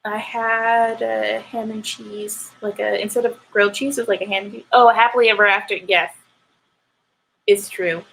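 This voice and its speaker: A young woman hosting a writing livestream, chatting casually with viewers and getting animated and ranty. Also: mid-range voice, moderate pace, gravelly, a little hiss or hum, low-quality recording. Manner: animated, ranting. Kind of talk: casual chat with live viewers.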